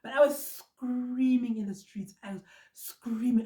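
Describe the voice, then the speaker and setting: Echoing through a spacious room, a young South African woman's fairly high, gentle, mellow rather than bright voice carries a personal story told vlog-style. She's casual and animated, rushing out bursts of speech and repeating lines for emphasis.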